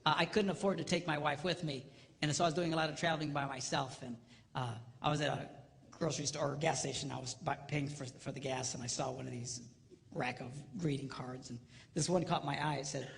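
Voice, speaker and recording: A man's voice: fairly high pitch, fast, vocal fry. A middle-aged man giving a comedic marriage talk, telling stories with mock voices and punchlines. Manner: animated storyteller who mimics voices, jokes and punchlines. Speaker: marriage seminar speaker. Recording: long hall reverb, faint noise.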